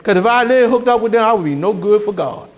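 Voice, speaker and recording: A pastor preaching with a strikingly high-pitched voice that swoops up and down as he tells stories. He moves between quiet asides and loud, shouted punchlines. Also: fast. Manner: animated storytelling, rising to shouts. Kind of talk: sermon.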